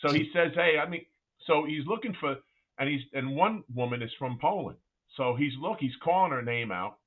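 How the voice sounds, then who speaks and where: A middle-aged man, a former college basketball player, telling animated anecdotes as a guest with frequent restarts. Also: a little high, normal speed. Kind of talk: casual interview storytelling. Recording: tinny phone-like line.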